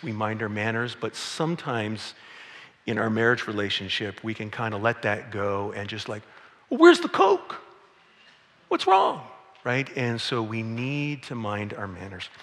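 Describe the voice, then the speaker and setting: A middle-aged man preaching to his congregation in a bright, forceful voice. He talks in a loose, conversational way and tells stories along the way. A long reverb from the big church hall trails behind him. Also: fairly low pitch, fairly even intonation, moderate pace. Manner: conversational, storytelling, with playful acted quotes. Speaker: pastor. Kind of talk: sermon. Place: church sanctuary.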